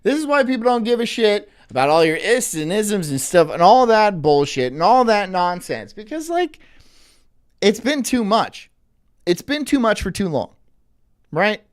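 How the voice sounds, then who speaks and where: Lively-voiced woman streamer. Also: on the low side, measured pace. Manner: swearing, laughing, repeats herself. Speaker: livestream host. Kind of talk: casual livestream commentary.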